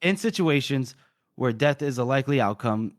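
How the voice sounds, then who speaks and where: A man's voice: mid-range voice, lively intonation, normal speed, no room sound, clean studio sound. A man co-hosting a podcast, casually recapping a book with laughter and quoted lines. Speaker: podcast co-host.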